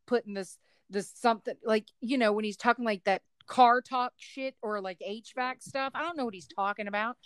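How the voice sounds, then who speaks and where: Animated mother on a family podcast. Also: fairly high pitch, moderate pace, clean tone, dry recording, studio quality. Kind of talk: casual family podcast chat.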